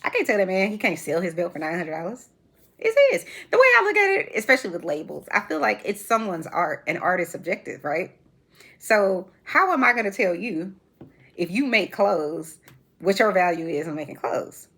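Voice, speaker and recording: A woman in her forties talks straight to her viewers about celebrity gossip in a casual, sassy way, laughing as she goes. Her voice is slightly husky and her pitch jumps up and down with a lot of life. She sounds relaxed and opinionated. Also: moderate pace. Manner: animated, sassy, laughs often. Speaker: reality TV commentary host. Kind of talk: casual chat.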